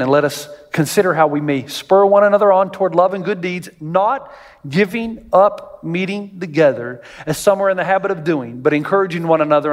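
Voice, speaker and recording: A man preaching a sermon as pastor, animated and jokey, jumping way up in pitch and volume when he acts out quoted voices. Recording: long hall reverb.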